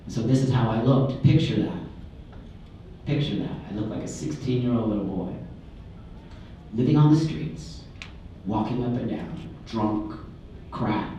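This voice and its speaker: Middle-aged man, candid animated storyteller addressing a crowd; distant mic, very roomy hall. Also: medium pitch, a little hiss or hum. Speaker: speaker. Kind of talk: personal story told to an audience. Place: large room before an audience. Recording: echoey hall from far off.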